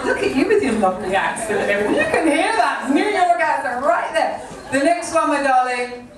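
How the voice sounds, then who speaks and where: A woman's voice: high voice, sing-song, a little fast, recorded from a distance, a crowd in the background, voice pushed up. A woman performing as a swaggering male crooner drag king persona, teasing a live audience in camp cabaret banter. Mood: teasing, playful. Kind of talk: live cabaret crowd work and singing. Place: club stage, live audience. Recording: echoey club, recorded from afar with loud music.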